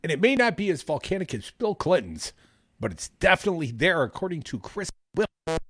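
A man co-hosting a casual news chat, reading out stories and adding animated, jokey asides. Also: on the high side, a little fast, breathy edge, no room sound, studio quality. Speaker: podcast co-host.

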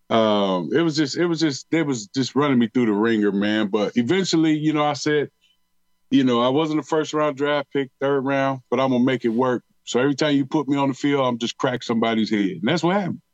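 A man's voice: medium pitch, a little fast, no room sound, dull audio. A middle-aged man from Detroit, a retired pro football player, telling stories in a casual interview with slangy talk and many repeated words. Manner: animated storyteller, drawls and repeats words, slangy.

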